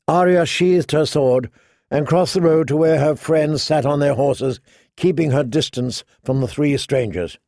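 A man reading a story aloud in a measured storytelling style. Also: fairly high pitch, warm tone, no room sound, clean studio sound. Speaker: audiobook narrator. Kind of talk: scripted narration.

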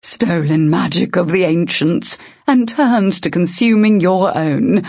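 A woman reading an audiobook, voicing a grim, menacing female ogre who speaks slowly and heavily. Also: fairly low pitch, darkish tone, no room sound. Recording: dull lo-fi.

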